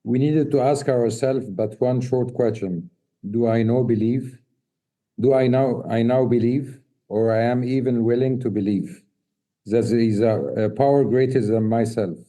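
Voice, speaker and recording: Dark-voiced man reading aloud haltingly. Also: medium pitch, steady tone, rough recording. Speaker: workshop participant reading aloud. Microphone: video call.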